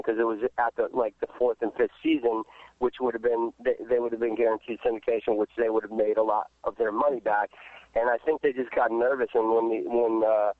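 A man's voice: medium pitch, flat delivery, a little fast, no room sound. A man who is an actor, answering interview questions in a rambling, casual way with many restarts and fillers. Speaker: actor guest. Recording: dry tinny phone line.

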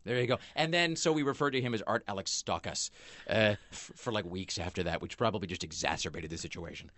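A man's voice: on the low side, fast, fairly bright tone, no room sound. A man hosting a talk show, telling a rambling story with many fillers and restarts in a small studio. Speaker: podcast host. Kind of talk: casual chat.

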